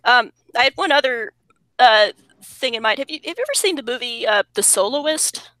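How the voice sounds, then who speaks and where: Bright-voiced woman guest on a video call. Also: fairly high pitch, moderate pace, no room sound. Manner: animated, talks through ideas with many restarts. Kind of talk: casual conversation.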